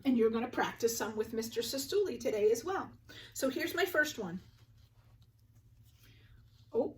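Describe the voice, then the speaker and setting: Slow, patient woman teaching phonics. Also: fairly high pitch, a bit bright. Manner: clear, patient, sounds words out slowly. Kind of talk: slow phonics lesson for young children. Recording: voice a little distant from the mic.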